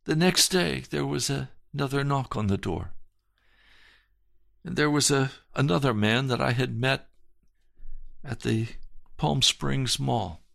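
A male pastor giving an earnest, emphatic broadcast sermon testimony, with slow, deliberate phrasing. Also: mid-range voice, gravelly, a bit bright, no echo, studio quality.

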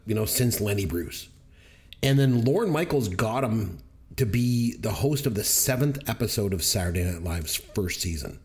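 A man's voice: lowish voice, darkish tone. A man co-hosting a podcast, telling stories in an emphatic, enthusiastic way. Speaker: podcast co-host. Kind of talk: casual podcast chat.

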